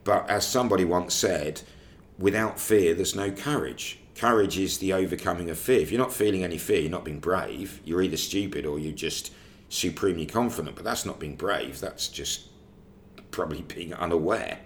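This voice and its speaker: A man's voice: deep voice, fairly quick. A man co-hosting a casual film podcast, musing and wandering off on tangents. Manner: musing, digressive, animated when riffing. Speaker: podcast co-host.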